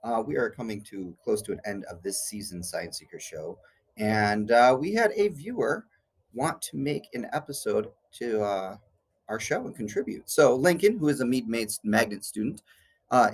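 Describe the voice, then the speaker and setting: A male teacher introducing a school science show in a friendly, halting way with many fillers. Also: lowish voice, animated, breathy edge. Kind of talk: spoken introduction.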